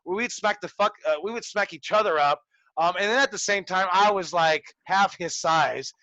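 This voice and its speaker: A man's voice: high voice, moderate pace, sharp tone, no room sound, highs cut off. A man in his forties coaching wrestling students in a loose, profane storytelling way, acting out quotes as he goes. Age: 40s. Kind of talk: casual classroom talk to students. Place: training school.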